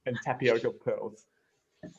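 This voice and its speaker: A man's voice: medium pitch, flat delivery, measured pace, gravelly, lo-fi sound, slight background noise. A man hosting a podcast, casual and upbeat, laughing often as he leads the conversation. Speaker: podcast host.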